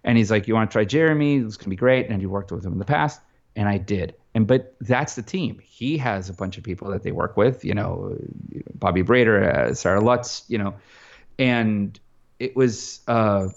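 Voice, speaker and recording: Composer guest, male, low-pitched, chatty and rambling, slightly dull recording. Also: moderate pace. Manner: rambling, animated, many restarts and fillers. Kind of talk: casual interview talk.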